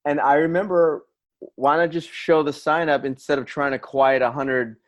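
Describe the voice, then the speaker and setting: A middle-aged man, an assistant director, reminiscing in relaxed podcast conversation with an easy laugh. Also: fairly high pitch, moderate pace. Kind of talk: casual conversation.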